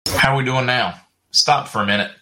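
Chatting loosely on his livestream, a middle-aged man reads viewer comments out loud and often breaks into laughter. His medium-pitched voice is brisk, bright, and forceful.

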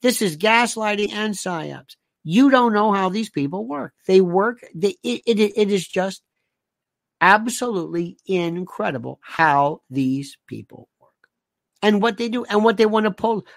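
A man's voice: high-pitched, lively intonation, a little slow, vocal fry, no echo. A man delivering a rambling monologue, firing off sarcastic rhetorical questions and repeating himself for emphasis.

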